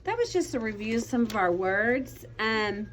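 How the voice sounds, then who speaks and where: A woman's voice: a little high, big pitch swings, moderate pace, slight background noise. A young woman teaching a class of children, patient and encouraging, calling on pupils by name. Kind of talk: classroom vocabulary lesson.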